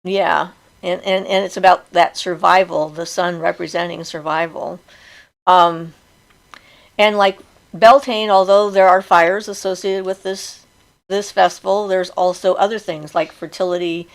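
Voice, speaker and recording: A middle-aged woman hosts a relaxed live chat in a low, gravelly voice. She is chatty and laughs easily, and she breaks off to read viewer comments aloud. Her speech is loose and conversational, with plenty of fillers. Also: unhurried.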